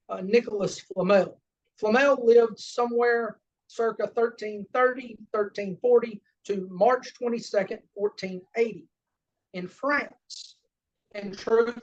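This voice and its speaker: A man with a Southern American accent giving an unscripted lecture, halting often with fillers and self-corrections. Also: high-pitched. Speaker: lodge education lecturer. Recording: distant, dull lo-fi room recording.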